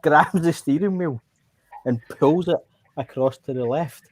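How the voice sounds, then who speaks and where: Husky man telling stories. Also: on the high side, a little slow, darkish tone. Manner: swearing, anecdotal, laughs often. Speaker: gaming chat participant. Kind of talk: casual chat while gaming.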